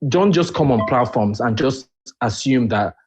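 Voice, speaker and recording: A man's voice: mid-range voice, expressive, a little slow, a little mellow, soft background music. A man calling in to a live talk stream, indignant and firing rhetorical questions. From family in Nigeria. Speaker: caller. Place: lives in the UK. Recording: muffled lo-fi call audio.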